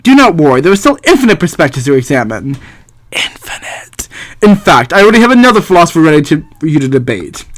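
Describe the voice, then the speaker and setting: A man playing a solemn, measured all-knowing judge. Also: fairly high pitch, big pitch swings. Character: grand, calm male arbiter, an all-knowing judge.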